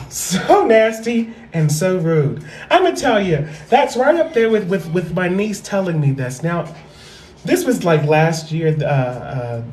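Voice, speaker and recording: A woman hosting a livestream, telling a story in a casual, animated way. She repeats phrases for effect and swears freely. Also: lowish voice. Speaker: livestream host. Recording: roomy echo.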